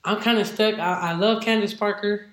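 Guest spot: woman head coach, lively storyteller, acts out the voices of others, roomy echo around her. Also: mid-range voice, normal speed. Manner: animated, acts out what others said. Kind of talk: casual interview storytelling.

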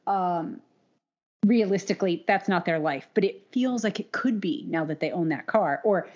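A woman's voice: fairly low pitch, normal speed, a little mellow. A middle-aged woman co-hosting a casual podcast, chatty and laughing often as she talks. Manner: chatty, laughs often, puts on mock voices. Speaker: podcast co-host. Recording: dull lo-fi audio.

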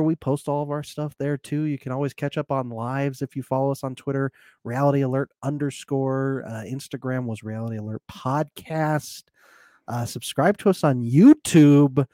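A man's voice: medium pitch, creaky, dark tone, no room sound, clean studio sound. A man co-hosting a casual podcast chat over a remote call, chatty and laughing often. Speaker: podcast co-host.

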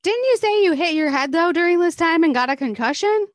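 Co-host, woman, high bright pitch, inquisitive and casual. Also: lively intonation, fairly quick. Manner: curious, asks follow-up questions. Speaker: podcast co-host. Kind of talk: casual chat.

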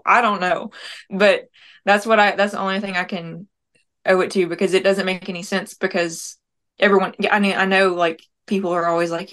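A young woman speaks casually as a podcast guest, her thoughts tumbling out with frequent fillers. Her voice sits at an ordinary middle pitch for a woman. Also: level tone, a little fast, fairly bright tone. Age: young adult. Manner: rambling, many "like" fillers. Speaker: guest, prank-call comedian. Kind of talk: casual interview chat.

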